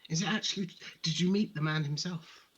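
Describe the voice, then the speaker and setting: A man playing a gushing, gullible rich gentleman. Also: a little high, brisk, husky, voice pushed up. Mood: effusive. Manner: effusive, polite and hesitant.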